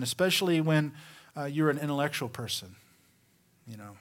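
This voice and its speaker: A man's voice: on the high side, animated, moderate pace, long pauses. Man preaching with rhetorical questions. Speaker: pastor. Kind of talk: sermon.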